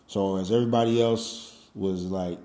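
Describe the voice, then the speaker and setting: A man's voice: deep voice, steady tone, normal speed, dark tone, echoey room. A man in his forties talking casually and at length, rambling with lots of fillers and loose swearing. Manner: rambling, peppered with "you know" and "man", swears freely. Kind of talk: casual conversational monologue.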